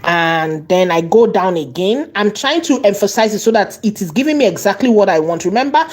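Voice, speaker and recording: A woman teaching an online course, repeating and stressing key words and slowing down as she dictates. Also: mid-range voice, lively intonation, a little mellow. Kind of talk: tutorial lesson.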